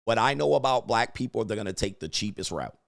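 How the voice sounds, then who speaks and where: A man's voice: fairly low pitch, animated, fast talker, vocal fry, dry recording, studio quality. Loose, laughing man riffing crudely. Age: 40s. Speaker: host. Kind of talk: casual commentary monologue.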